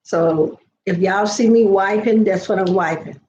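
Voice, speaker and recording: A woman's voice: medium pitch, a little slow, a little mellow, echoey room, muffled recording, slight background noise. An older woman, hosting a casual live chat, greeting viewers by name and drifting into family stories. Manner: chatty, greets viewers by name, storytelling asides. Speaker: livestream host.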